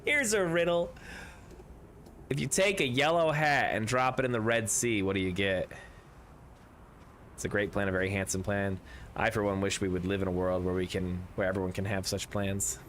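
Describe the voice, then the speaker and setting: A man's voice: on the low side, fairly even intonation, normal speed, fairly bright tone, a little hiss or hum. A man streaming a tabletop game with friends, chatting casually, rambling through jokes and riddles and swearing now and then.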